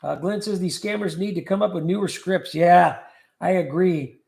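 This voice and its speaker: The room echoes as this man hosts his livestream, his voice high, gravelly, and somewhat dark in tone at an ordinary pace. He reads viewers' comments aloud while chatting and joking casually.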